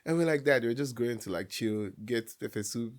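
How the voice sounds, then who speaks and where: A man's voice: medium pitch, normal speed. A young man from Nigeria with a Nigerian accent, a guest telling a family story in casual chat and acting out the voices of his relatives. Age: young adult. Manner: animated storyteller, acts out family dialogue with laughs.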